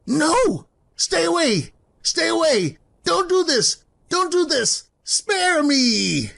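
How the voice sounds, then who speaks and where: A woman voicing a grumpy old miserly man in an animated film, pleading and dramatic. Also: on the high side, a little slow, full character voice. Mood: frightened.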